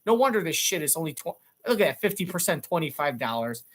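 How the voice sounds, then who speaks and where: A man's voice: a little high, sing-song, fast talker, fairly bright tone. Sarcastic middle-aged man ranting. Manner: sarcastic, exasperated, profane. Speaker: talk show co-host. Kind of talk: comic rant on live TV.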